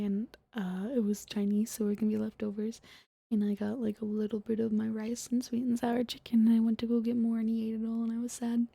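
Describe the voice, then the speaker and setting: A young woman streaming as a VTuber, chatting softly and giggling in a half-whisper after an ASMR stream. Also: on the high side, husky, no room sound. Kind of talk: soft-spoken ASMR stream chat, often whispered.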